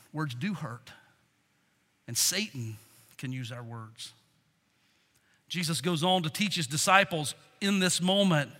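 Pastor, male, animated sermon delivery, high and very expressive, hall reverb. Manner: animated, dramatic preaching with acted quotes.

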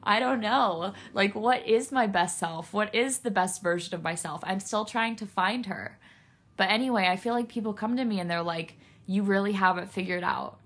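A woman's voice: mid-range voice, normal speed, fairly bright tone. A woman hosting a solo podcast, speaking in a raw, candid way, emotional and close to tears, swearing freely. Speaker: podcast host.

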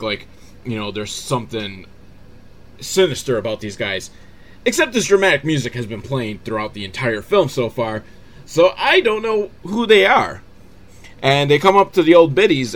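A man recapping a low-budget movie in a sarcastic, rambling way, acting out the characters' lines. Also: a bit bright. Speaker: movie riffing host.

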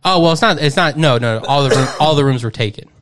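A man's voice: on the high side, animated, fast, a bit bright. Young man telling a rambling story. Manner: rambling storyteller, repeats "no joke". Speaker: podcast co-host. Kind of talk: casual chat.

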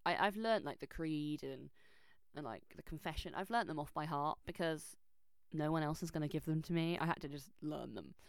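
A young woman telling a personal story in a chatty, animated way, full of fillers and restarts. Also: sits low, a little fast, creaky, dry recording. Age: young adult. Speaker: vlogger. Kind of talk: casual storytelling. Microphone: close microphone.

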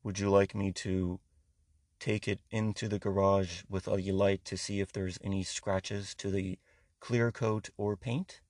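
A man voicing a prim, overly polite male car appraiser who speaks softly and carefully. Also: low voice, flat delivery, a little slow, dry recording, clean studio sound, pitched below the performer's own voice. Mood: meek politeness.

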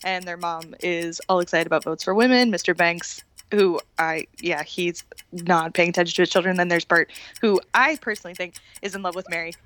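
A woman's voice: fairly low pitch, fairly even intonation, fairly quick, fairly bright tone. A woman guesting on a podcast, rambling and self-deprecating in casual chat.

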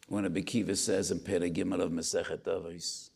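A man's voice: sits low, moderate pace, gravelly, hardly any pauses, a little mellow, breathy edge. An older man with an Israeli accent giving a Torah lecture to a congregation, telling a story and building to emphatic rhetorical questions.

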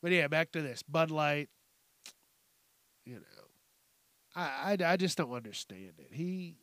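Young guy ranting on a podcast, cussing a lot, dragging his words out slow, dead dry sound. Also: fairly high pitch, dry recording. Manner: profane, animated ranting with mocking impressions. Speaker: podcast host. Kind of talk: casual ranting commentary.

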